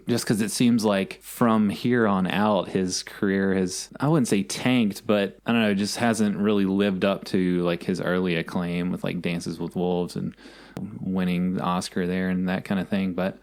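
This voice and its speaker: Low-voiced male co-host, thirties, rambling casual banter. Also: fairly even intonation, normal speed, darkish tone. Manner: rambling, self-correcting, teasing. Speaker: podcast co-host. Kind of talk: casual chat.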